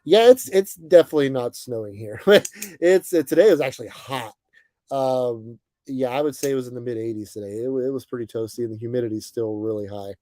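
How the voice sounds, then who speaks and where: A young man hosting a casual livestream, greeting viewers by name and chatting in a relaxed, friendly way with plenty of fillers. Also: medium pitch, brisk. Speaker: livestream host. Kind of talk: casual chat reading viewer comments. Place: bus, indoors.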